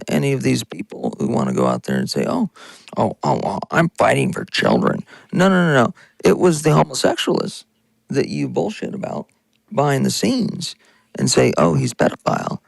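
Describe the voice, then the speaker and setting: A man's voice: mid-range voice, vocal fry, no room sound, poor audio. A man hosting a podcast, delivering an angry, insulting political rant with mocking asides. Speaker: podcast host.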